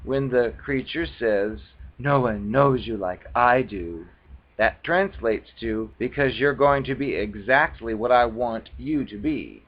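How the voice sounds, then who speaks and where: A man's voice: mid-range voice, highs cut off. A man reading phrases from a book aloud and mocking them in casual, scornful commentary. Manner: scornful, mocking, loose and conversational. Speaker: video blogger reading from a book.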